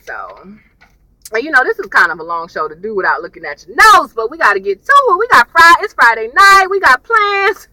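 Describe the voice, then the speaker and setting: A woman with a high voice rambling casually through a TV episode review while driving in her car, often saying "y'all". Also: slight background noise, poor audio. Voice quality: high voice, especially when excited. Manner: chatty and rambling, laughs often, says "y'all".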